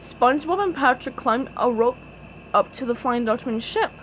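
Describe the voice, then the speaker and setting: A woman reading a children's storybook aloud in an expressive way. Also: fairly high pitch, moderate pace, a little hiss or hum, rough recording. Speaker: storybook reader.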